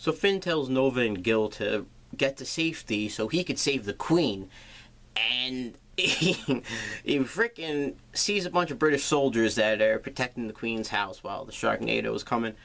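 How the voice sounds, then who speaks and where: A man's voice: medium pitch, normal speed, vocal fry, a bit bright. Sarcastic man recapping a movie. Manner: sarcastic, swears freely. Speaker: movie reviewer. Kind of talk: casual plot recap.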